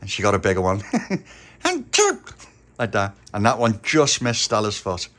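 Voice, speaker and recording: A man telling a children's story in an animated way, often chuckling. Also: fairly low pitch, a little slow.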